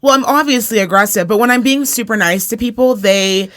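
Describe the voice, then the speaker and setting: A woman's voice: a little high, a little fast, fairly bright tone. A young woman from Reno co-hosting a podcast in casual chat, brash, swearing and laughing often. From Reno, Nevada. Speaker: podcast co-host.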